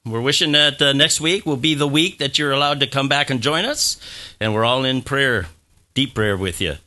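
A man's voice: medium pitch, moderate pace, bright, forceful tone. A middle-aged man preaching a sermon as pastor, talking in a conversational way, repeating phrases and having the congregation say words back.

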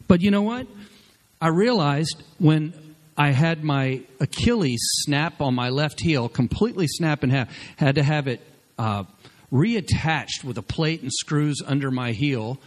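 A male pastor preaching a sermon, exhorting the congregation with energy and swinging between loud bursts and quiet asides. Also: mid-range voice.

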